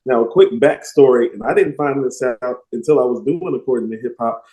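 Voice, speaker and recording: A man co-hosting a casual music discussion podcast, emphatic and animated. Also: mid-range voice, fairly quick. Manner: animated, emphatic, quotes lyrics with relish. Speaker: podcast co-host. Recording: roomy echo.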